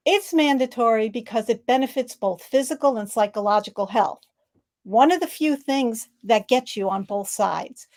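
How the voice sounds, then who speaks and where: Upbeat woman presenting on laughter. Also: on the high side. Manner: upbeat, demonstrates rhythmic ho ha he laughter sounds. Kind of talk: online presentation leading laughter exercises. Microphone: video call.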